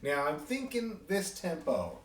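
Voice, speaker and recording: A man's voice: fairly high pitch, huge pitch swings, measured pace, reverberant. A man teaching a beginner fiddle class over a video call, chatty and rambling with chuckling asides. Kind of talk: online group music lesson.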